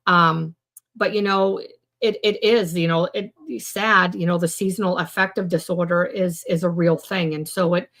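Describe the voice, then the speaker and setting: A woman with a gravelly, fry-laden voice sits low in her register as she hosts a relaxed live stream from home. She drifts between thoughts, starts sentences over and leans on filler words while answering her viewers. Her talk is loose and conversational throughout. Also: normal speed. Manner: rambling, with many fillers and restarts; chats with viewers in the comments. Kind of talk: casual live chat on mental health.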